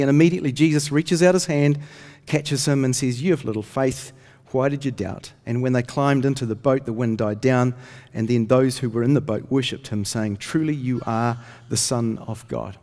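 With hardly any pauses, a pastor whose mid-range voice has a darkish tone preaches at a moderate pace, earnestly storytelling and lifting his voice for scripture readings. The sermon echoes with long hall reverb.

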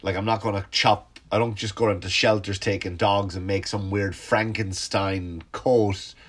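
A middle-aged man with a slightly low voice, stuffed up and sniffly. He rambles through a casual comic monologue, swearing freely and cutting himself off mid-sentence. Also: steady tone, moderate pace, slightly rough. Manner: rambling, profane, self-interrupting. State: congested, sniffly. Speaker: stand-up comedian hosting a podcast.

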